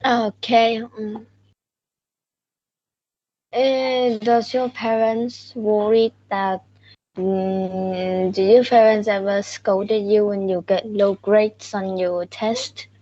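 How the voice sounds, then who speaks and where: A woman asking practice questions in halting English, full of restarts and fillers. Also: medium pitch, level tone, mellow, no echo. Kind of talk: English speaking practice conversation. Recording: dull lo-fi recording.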